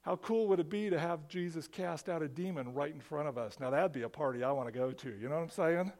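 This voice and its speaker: A man preaching a sermon as pastor, animated and conversational, often restarting his phrases. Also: on the high side, fast talker.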